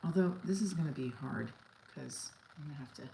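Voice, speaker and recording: A woman's voice: sits low, fairly quick, gravelly, heavy background noise. Chatty woman vlogging over morning coffee. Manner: chatty, rambling, talks while making coffee. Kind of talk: casual livestream chat. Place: home kitchen.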